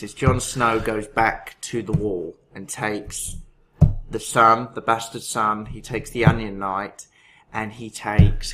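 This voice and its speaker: A man's voice: lowish voice, background noise. A man co-hosting a casual chat about a TV show, chatty and joking. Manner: chatty, laughs at his own jokes. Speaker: co-host.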